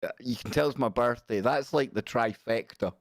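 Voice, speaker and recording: A man's voice: medium pitch, normal speed, no room sound. Man, forties, rambling live-stream host, joking chat, dry close sound. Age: 40s. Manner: rambling, joking, reads viewer messages aloud.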